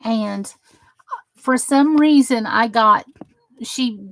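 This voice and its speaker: A woman's voice: a little high, very slow. A woman hosting a casual crafting live stream, chatting with viewers and gushing over the crafts she shows. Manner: gushing and admiring, chatty asides.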